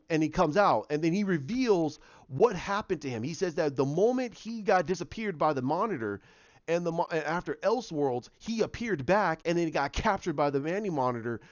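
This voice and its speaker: A fairly high-voiced man in his thirties tells a TV episode in an excited, chatty way, acting out what the characters say. The recording is dry and dull, with a narrow lo-fi sound. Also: no echo. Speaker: TV episode reviewer. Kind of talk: casual episode recap.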